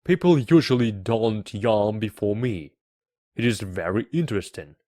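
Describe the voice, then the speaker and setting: A man voicing a proud, commanding king of a tiny planet in a storybook reading, speaking louder and giving orders. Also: unhurried, no room sound, clean studio sound, close to an everyday voice. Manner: booming, issues orders.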